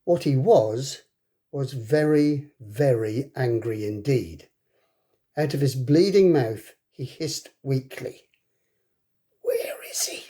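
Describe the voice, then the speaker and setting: Slow, expressive male storyteller. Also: mid-range voice. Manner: expressive, dramatic. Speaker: teacher reading aloud. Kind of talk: storybook read-aloud. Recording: echoey room.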